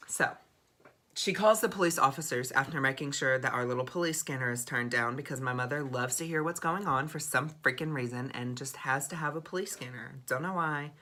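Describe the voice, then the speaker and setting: Bright-voiced young man telling a story. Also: medium pitch. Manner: dramatic, expressive, swears freely. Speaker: vlogger. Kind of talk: storytime vlog.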